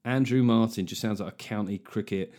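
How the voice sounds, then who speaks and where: Jokey podcast host. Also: male voice, lowish voice, a little fast, darkish tone. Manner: jokey, swearing, riffing on names. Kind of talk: casual chat.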